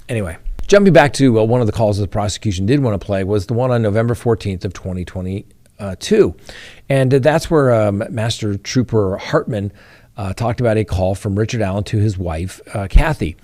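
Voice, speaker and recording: A man with a mid-range, somewhat dark voice speaks a little quickly as he hosts a crime news show. He explains courtroom rules and reads trial testimony aloud, addressing his viewers directly in this legal commentary.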